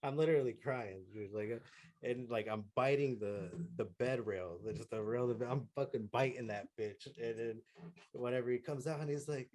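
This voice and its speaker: A man's voice: mid-range voice, normal speed, darkish tone, no room sound. A man casually telling a crude, profane story to friends, laughing and acting out what others said. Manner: profane, laughing, acts out other people's lines. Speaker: podcast co-host.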